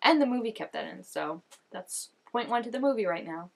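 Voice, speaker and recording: A woman's voice: fairly high pitch, lively intonation, a little fast, creaky. A young woman giving casual reaction commentary, chatty and full of "like", gasping and exclaiming as she watches. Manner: chatty, lots of "like", gasps and exclaims while watching. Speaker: reaction vlogger.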